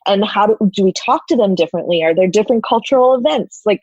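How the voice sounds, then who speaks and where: A woman's voice: medium pitch, quick pace, breathy edge, no echo, muffled recording. A woman being interviewed as a guest, talking in a chatty way, full of "like" and "you know". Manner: animated, heavy "like" and "you know" fillers. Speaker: podcast guest, people and culture officer. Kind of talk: casual interview talk.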